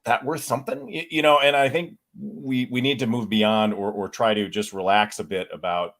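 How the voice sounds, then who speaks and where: A man's voice: mid-range voice, normal speed, creaky. A male podcast host asking questions in casual conversation, animatedly voicing imagined thoughts. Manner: animated, voices quoted thoughts. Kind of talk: casual interview.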